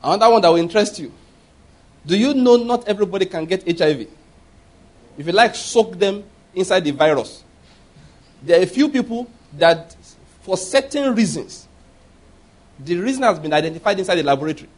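A middle-aged man preaching a sermon, telling personal stories with animated quoted voices and laughing at his own tales. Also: high voice, fairly quick, long pauses. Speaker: pastor.

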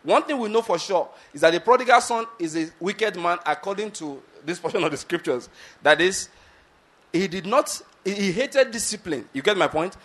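A man's voice: a little high, fairly bright tone. A man preaching a sermon on a Bible story, often asking his listeners whether they are getting his point and acting out the characters' words. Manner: repeatedly asks the audience if they get the point; acts out Bible characters' lines with shifts in pace.

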